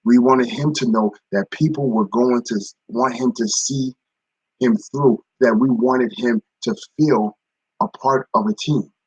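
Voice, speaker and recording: A man's voice: mid-range voice, unhurried, darkish tone, husky, dry recording, highs cut off. A man giving a casual spoken devotional, repeating phrases and greeting viewers by name. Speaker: ministry speaker. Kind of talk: live-streamed devotional talk.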